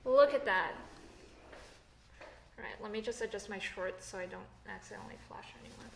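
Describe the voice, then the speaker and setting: A Canadian woman talks fast in a creaky, mid-range voice with little pitch movement while livestreaming casually as she builds. She reads chat comments, rambling and correcting herself with plenty of fillers. An echoey room and faint background noise are audible.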